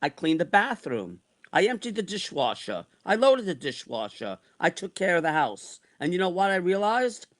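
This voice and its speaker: A man's voice: high voice, sing-song, moderate pace. A man in his sixties ranting angrily and repeating himself, with frequent swearing. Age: 60s. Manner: heated, repetitive, swearing. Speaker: vlogger. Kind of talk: angry personal rant.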